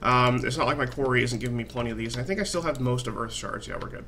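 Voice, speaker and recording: A man's voice: mid-range voice, very fast, pushed and bright, a little hiss or hum. A man casually narrating his own gameplay, rambling and swearing freely with a self-mocking streak. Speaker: gaming channel host. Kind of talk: casual let's-play commentary.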